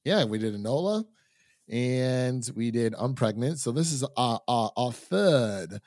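A man's voice: mid-range voice, expressive, unhurried, darkish tone, no room sound, clean studio sound. A man from Ohio hosting a film review podcast in casual chat, laughing often. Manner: laughs often, chatty with fillers. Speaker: podcast host.

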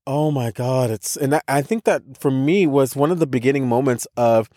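A man's voice: mid-range voice, expressive, a little fast, dark tone, no room sound, clean studio sound. Stammering American man telling a story. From United States. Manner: emphatic, with frequent restarts and stammered repeats. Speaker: podcast co-host. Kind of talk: personal storytelling in casual conversation.

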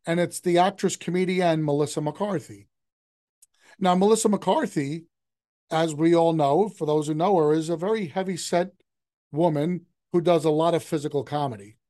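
Older man, motivational talk, slightly high pitch, emphatic, conversational. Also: normal speed, dark tone.

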